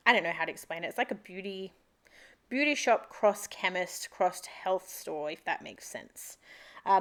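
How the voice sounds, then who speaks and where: A young Australian woman talks through her week in an upbeat, rambling way. Her voice sits mid-range for a woman and comes across smooth and clear. It sounds like casual voice-over narration for a vlog. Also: medium pitch. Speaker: planner vlogger.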